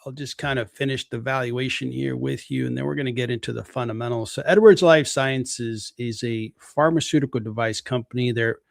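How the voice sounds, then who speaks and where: A man's voice: mid-range voice, a little fast, gravelly, hardly any pauses, dry recording, studio quality. A man hosting a live stream, walking casually through a company's stock valuation and thinking aloud as he goes. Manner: relaxed, thinking aloud with fillers. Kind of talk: casual stock analysis talk.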